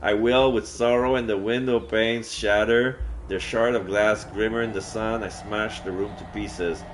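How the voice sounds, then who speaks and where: A man streams a solo roleplay game, narrating in first person and interrupting himself with excited, profane outbursts. His voice is lowish and a bit slow, with a little hiss or hum on the audio.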